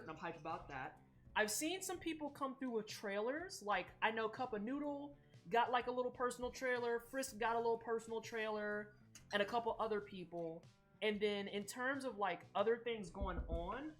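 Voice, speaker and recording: A woman streamer chatting casually while baking, animated and slangy, swearing freely. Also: medium pitch.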